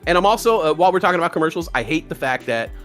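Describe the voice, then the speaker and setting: Male co-host, casual comic rant, very lively pitch, faint music behind. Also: rapid-fire. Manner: comic ranting, goes off on tangents, does silly voices. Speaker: co-host of a live stream. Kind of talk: casual chat.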